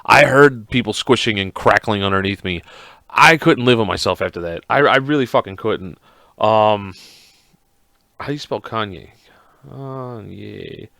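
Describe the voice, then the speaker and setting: A man hosting a podcast alone, ranting in a casual, profane, rambling and excitable way. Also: on the low side, vocal fry, dry recording, clean studio sound. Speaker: podcast host.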